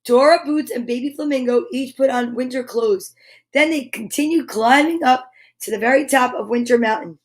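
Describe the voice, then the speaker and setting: Reading a picture book for kids, this woman is lively and talkative, pausing to address her audience now and then. She speaks briskly in a high register.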